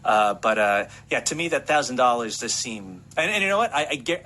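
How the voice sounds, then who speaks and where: A man's voice: mid-range voice, big pitch swings, fairly quick, bright, forceful tone, slight background noise. A man co-hosting a casual tech chat, who talks in a rambling, hesitant way with lots of fillers. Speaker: tech podcast co-host.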